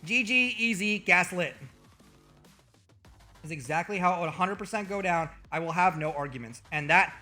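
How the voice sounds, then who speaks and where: A man's voice: high-pitched, normal speed, sharp tone, faint music behind. A man streaming as a VTuber, talking in a loose, profane, mock-boastful way to his chat. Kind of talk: casual livestream commentary.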